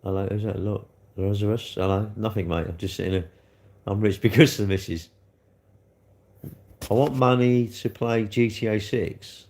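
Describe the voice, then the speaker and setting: A man chatting casually with viewers on a livestream, bantering as he reads comments, his throat a little hoarse. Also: on the low side, steady tone, moderate pace, long pauses, darkish tone. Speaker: livestream host.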